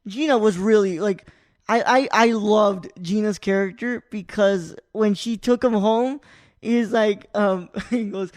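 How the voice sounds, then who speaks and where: A man in his twenties co-hosting a podcast in casual chat, animated and often laughing, leaning hard on "like". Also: high voice, unhurried. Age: 20s. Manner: animated, laughing, heavy use of "like". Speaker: podcast host.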